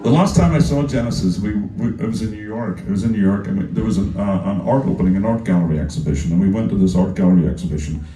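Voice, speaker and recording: Irish male musician, mellow, animated storyteller, heard from a distance in a roomy club. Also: lowish voice, quick pace, few pauses, slight background noise. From Ireland. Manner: animated, acts out voices in quotes, laughs often. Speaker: musician telling anecdotes on stage. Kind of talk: casual onstage storytelling. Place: music venue stage.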